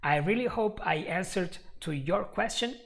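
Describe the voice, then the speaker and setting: A man's voice: sits high, expressive, moderate pace, vocal fry, a bit bright. A man teaching a live online English lesson, often repeating himself and checking in with "right?".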